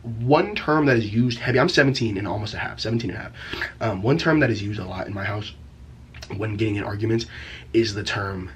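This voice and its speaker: A man's voice: fairly low pitch, expressive, fairly quick, slight background noise. A young man telling a story from his teen years in a casual vlog, rambling and profane, packed with slang fillers. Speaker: vlogger.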